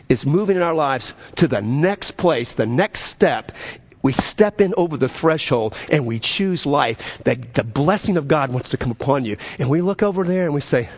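A pastor delivering a sermon in a somewhat high voice for a man. He preaches with big swings, climbing to loud emphatic peaks and dropping to low, quiet stresses. He often doubles back on his words. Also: very animated, normal speed, husky.

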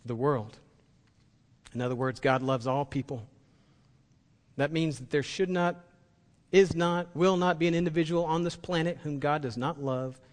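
A man's voice: fairly high pitch, normal speed, long reverb tail. A man preaching a sermon as pastor, impassioned and building to emphatic peaks.

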